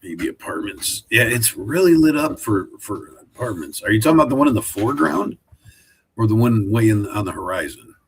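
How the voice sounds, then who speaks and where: Low-voiced guy rambling on a home live stream, faint hum behind him. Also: animated, a little fast. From Oregon, USA. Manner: rambling, chatty, talks to his dog. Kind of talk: casual live chat. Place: home room, sitting in a wooden chair.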